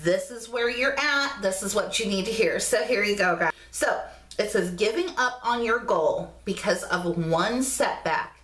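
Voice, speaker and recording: A woman's voice: medium pitch, lively intonation, unhurried, fairly bright tone, reverberant. A woman hosting a casual motivational vlog, chatty and affectionate, sometimes cooing in baby talk. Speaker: vlog host.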